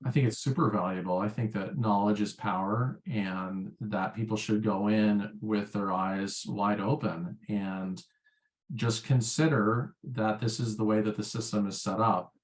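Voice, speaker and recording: Man, lowish voice, casual rambling interview talk, lots of fillers. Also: steady tone, unhurried. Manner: rambling, filler-heavy storytelling. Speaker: guest, former pharma sales rep.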